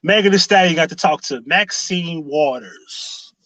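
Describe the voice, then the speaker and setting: Male streamer, high bright voice, sarcastic questions, dry close sound. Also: expressive, unhurried, no room sound, rough recording. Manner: sarcastic rhetorical questions, greets chatters. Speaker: livestream commentary host. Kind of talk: casual live-stream commentary.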